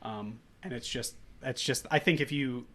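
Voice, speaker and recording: A man's voice: mid-range voice, moderate pace, fairly bright tone. Male podcast co-host, casual plot recap, rambling delivery. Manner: recaps the plot at length with many fillers and restarts. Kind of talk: casual movie podcast chat.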